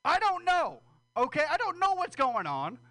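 Guy rambling through a crude stand-up set, high voice, bouncy pitch, nervous laughs. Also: wildly swooping pitch, moderate pace, bright, forceful tone. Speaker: stand-up comedian. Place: small comedy stage.

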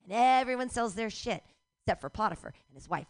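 A middle-aged woman doing a stand-up comedy set, ranting profanely and breaking into shouts. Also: on the high side, animated, brisk.

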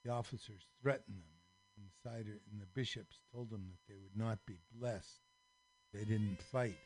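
On a radio show, a man with a voice on the low side reads a children's story at a moderate pace. He acts out the characters expressively and shifts his volume a great deal, with a little hiss or hum in the audio.

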